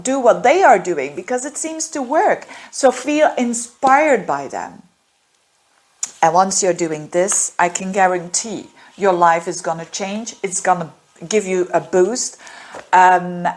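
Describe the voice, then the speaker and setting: A woman, a native Dutch speaker, reading monthly horoscopes as an astrologer, earnest and encouraging, with many fillers and restarts. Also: mid-range voice.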